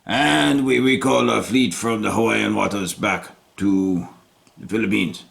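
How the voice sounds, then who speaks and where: Man putting on a japanese accent, gravelly voice, stiff formal talk, smug. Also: on the low side, unhurried, fairly bright tone, full character voice. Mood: cocky. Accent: put-on Japanese. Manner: formal, stilted, pleased with himself. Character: cheerful, cocky Japanese emperor.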